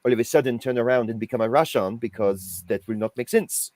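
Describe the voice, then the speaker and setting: A man who acts in a stage play, chatting in an interview in an animated, jokey way. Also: medium pitch, a little fast. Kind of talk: casual interview chat.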